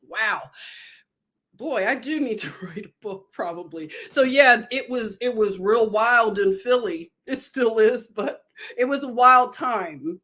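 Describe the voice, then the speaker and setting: Chatty Philly woman, slow and digressive. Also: a little high, fairly bright tone. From Northeast Philadelphia. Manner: chatty, digressive, loses her thread. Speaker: nurse livestreamer. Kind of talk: casual livestream storytelling.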